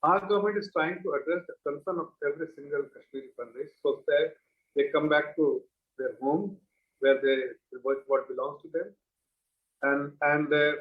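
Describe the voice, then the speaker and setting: Earnest man on an echoey link. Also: fairly high pitch. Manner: measured, earnest, halting with fillers. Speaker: political spokesman. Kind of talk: TV panel debate. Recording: echoey dull remote audio link.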